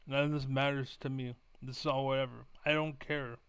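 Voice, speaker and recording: A man's voice: mid-range voice, little pitch movement, a little fast, fairly bright tone, clear, resonant tone, no room sound. A young man ranting profanely to camera as a gaming vlogger, repeating himself as he vents. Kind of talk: angry rant to camera.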